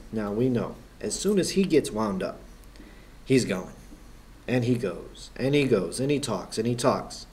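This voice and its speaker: A man's voice: mid-range voice, darkish tone, a little hiss or hum. A man, a schoolteacher, telling a story in a wry manner with dry asides. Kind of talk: anecdotal storytelling.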